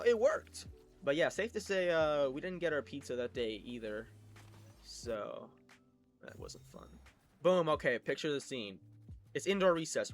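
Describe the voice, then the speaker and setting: A young man telling childhood stories in a rambling, self-mocking way, acting out quotes with sudden loud bursts. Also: mid-range voice. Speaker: storytime creator. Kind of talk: casual storytelling.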